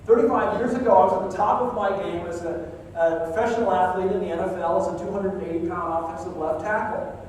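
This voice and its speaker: A man's voice: high-pitched, fast talker, darkish tone, slight background noise. An older man giving a conference keynote, telling a vivid story and acting out the other people's lines. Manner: vivid storyteller, acts out dialogue. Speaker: keynote speaker. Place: conference hall. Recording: echoey hall, distant mic.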